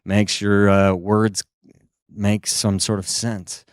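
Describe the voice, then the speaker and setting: A young man from the United States doing a stand-up comedy set on a small stage into a handheld microphone, telling stories and jumping into high, silly voices for the people he quotes. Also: flat delivery, takes it slowly, smooth, no echo, studio quality.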